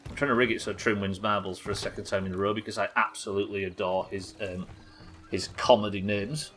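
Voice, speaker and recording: A man's voice: on the low side, fairly even intonation, a little fast, a bit bright, faint music behind. An English man streaming a game, chatting casually and rambling, swearing freely as he plays. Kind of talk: casual chat while playing.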